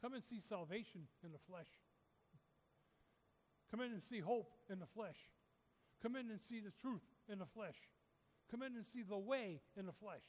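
A man's voice: sits high, normal speed, pauses often, a little mellow, big-room sound. A man preaching a sermon, urging his listeners with repeated, rising calls. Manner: repetitive, rising exhortation.

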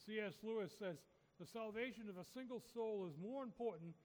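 High-voiced man preaching in a hall. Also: brisk, a little mellow. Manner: repetitive, rising exhortation. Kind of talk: sermon.

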